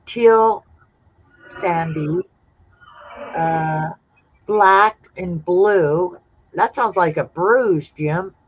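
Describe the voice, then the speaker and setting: A woman hosting a casual livestream, reading out viewers' answers one by one in a relaxed way. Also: lowish voice, drawn-out words, pauses often, a little hiss or hum. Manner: relaxed, reads out chat replies one by one. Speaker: livestream host. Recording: dull lo-fi sound.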